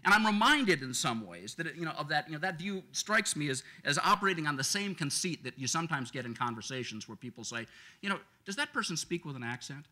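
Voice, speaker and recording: Bright, animated man arguing a point. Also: a little high, quick pace. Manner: animated, argumentative, rhetorical questions. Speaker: panelist. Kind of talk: lecture-panel argument. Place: law school lecture event.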